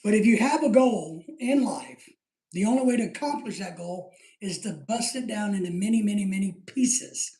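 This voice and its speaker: A man's voice: high voice, normal speed, warm tone. A middle-aged man hosting a live stream in casual chat, reading out viewer comments, rambling and joking, laughing often. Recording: roomy echo.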